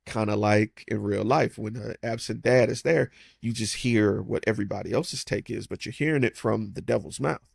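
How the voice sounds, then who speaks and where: Man, low voice, gravelly, dry close sound, animated film recap. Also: moderate pace, few pauses, no room sound. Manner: animated retelling, acting out characters' lines. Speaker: movie recap host. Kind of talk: casual film breakdown.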